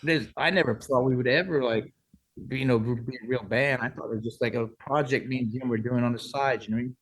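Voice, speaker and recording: With a medium-pitched voice and quick delivery, a sixty-something musician rambles through long stories as a guest in a casual interview, restarting often and saying "like" a lot. The recording quality is rough.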